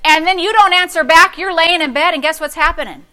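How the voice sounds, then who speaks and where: Her pitch extremely high and her pace a little quick, a middle-aged female pastor tells a story from the pulpit. The sermon is sassy and animated, dropping to a hush and rising to loud.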